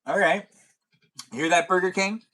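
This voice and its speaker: A man's voice: sits high, a little slow, fairly bright tone, poor audio. A man hosting a casual livestream chat, rambling and thinking aloud with fillers and restarts. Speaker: livestream host.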